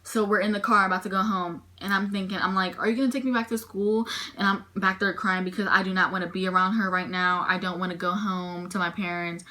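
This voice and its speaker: Bright-voiced young woman telling her story. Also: fairly low pitch, flat delivery, fairly quick, few pauses. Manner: emotional retelling, frequent "I'm like" quotes. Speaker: vlogger. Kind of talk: personal storytime vlog.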